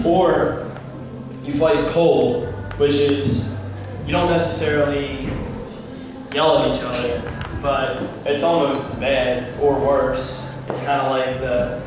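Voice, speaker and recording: A man's voice: mid-range voice, slow, noisy background. A young man casually telling a rambling story to a youth group, acting out the dialogue. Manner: animated, rambling, acts out dialogue. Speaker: youth speaker. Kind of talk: casual storytelling talk to teens. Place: large room, speaking to a youth group. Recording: very echoey room, heard from far off.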